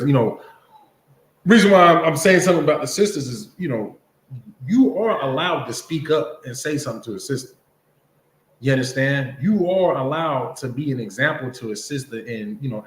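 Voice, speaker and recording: At a moderate pace and medium pitch, a man leads a Bible class, preaching conversationally and repeatedly asking his listeners "you understand?". The recording has a roomy echo.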